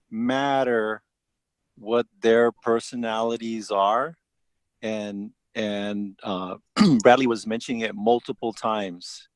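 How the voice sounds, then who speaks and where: A man's voice: mid-range voice, no room sound. A man leading his team, talking directly and asking the group questions. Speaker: team leader. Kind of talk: coaching a team in a meeting.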